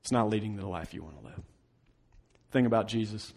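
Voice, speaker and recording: A man pastor delivering a sermon, telling a story with dramatic swings between loud, pressing lines and hushed, quiet ones. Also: fairly low pitch, moderate pace, gravelly.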